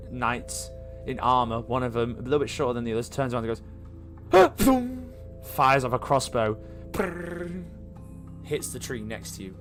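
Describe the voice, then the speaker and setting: Halting game master, faint music behind. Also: male voice, medium pitch, fairly bright tone. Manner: halting, full of fillers and restarts. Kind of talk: narrating a tabletop game.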